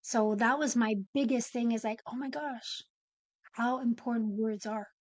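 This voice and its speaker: A woman in her forties, a podcast guest and coach, explaining ideas in an animated way and acting out example phrasings. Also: on the high side, a little slow, no echo. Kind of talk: conversational interview.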